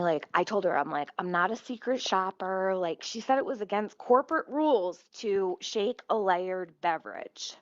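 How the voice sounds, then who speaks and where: A woman at home telling a casual storytime, profane, rambling and animated. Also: medium pitch, normal speed, no room sound, muffled recording. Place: at home near her kitchen stove.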